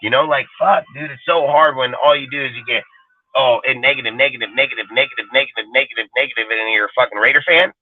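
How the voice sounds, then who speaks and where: On a live fan stream, a male panelist rants heatedly, blunt, emphatic and swearing throughout. His mid-range voice moves fast with fairly even intonation. The line is phone-quality and dry.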